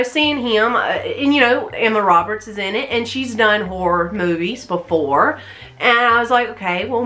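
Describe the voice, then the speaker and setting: Chatty southern lady reviewing a movie, bright voice, laughs a lot, faint music behind. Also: mid-range voice. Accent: light Southern US. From American South. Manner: chatty, animated, laughs often between remarks. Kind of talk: casual spoken movie review.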